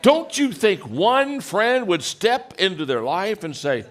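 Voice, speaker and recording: Older guy giving a motivational talk, high voice, real lively, acts stuff out. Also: takes it slowly. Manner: animated storytelling, acts out voices, laughs. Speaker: leadership speaker.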